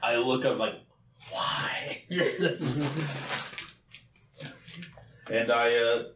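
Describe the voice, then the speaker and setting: A man playing a tabletop game, chatting casually and laughing often, recorded from far off in an echoey room with faint noise. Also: mid-range voice. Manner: laughing, unhurried. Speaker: player.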